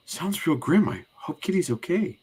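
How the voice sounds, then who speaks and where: A man's voice: a little high, sing-song, normal speed, a little mellow, breathy edge, voice pushed up. A man doing a worried teenage girl.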